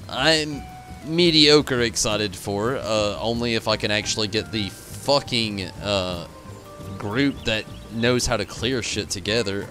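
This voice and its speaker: A man's voice: medium pitch, pushed and bright. A tired, frustrated man signing off his stream, rambling and swearing as he thanks his chat. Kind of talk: casual stream sign-off to chat.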